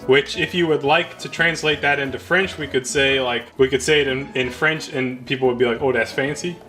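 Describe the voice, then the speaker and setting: A man hosting a home cooking show, casually walking viewers through the steps and cracking jokes. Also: mid-range voice. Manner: joking, relaxed, talks to viewers.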